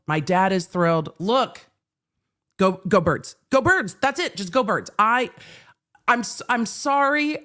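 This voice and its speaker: A woman in her forties, a hoarse live-stream legal commentary host who talks in a chatty, animated way and repeats herself for emphasis. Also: lowish voice. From California. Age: 40s. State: hoarse, under the weather.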